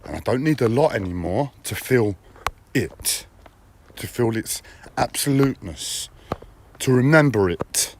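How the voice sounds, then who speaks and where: A man's voice: mid-range voice, animated, unhurried, long pauses, darkish tone, a little hiss or hum. A man streaming live, talking in a blunt, profane personal monologue with repeated phrases and a whiny edge.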